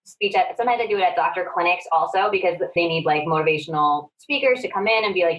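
A woman comedian talking casually on a podcast, chatty and animated, with lots of "like" as she tells stories. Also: on the low side, fast, recorded from a distance, highs cut off. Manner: chatty, heavy use of "like", animated storytelling. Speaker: comedian and guest.

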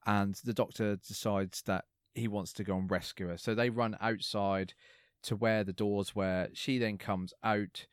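A man's voice: fairly low pitch, fairly even intonation, a little slow, clear, resonant tone, dry recording, clean studio sound. A man co-hosting a podcast, casually recapping an episode in a rambling, hesitant way with lots of fillers.

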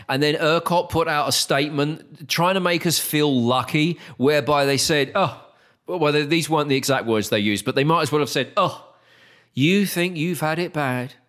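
A man hosting a casual podcast chat, ranting with exasperation and climbing higher when he gets worked up. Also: normal speed, a bit bright. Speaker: podcast host.

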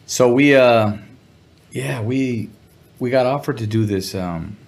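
A man's voice: mid-range voice, slow. A man being interviewed as a musician guest, telling a casual, slangy story and briefly acting out other people's voices. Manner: laid-back slangy storyteller who acts out voices. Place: Los Angeles area.

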